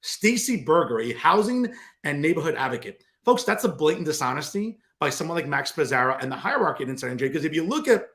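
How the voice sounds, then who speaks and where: A man's voice: fairly high pitch, big pitch swings, fast, fairly bright tone. A man hosting a political commentary show, delivering a combative, sarcastic monologue straight to his viewers.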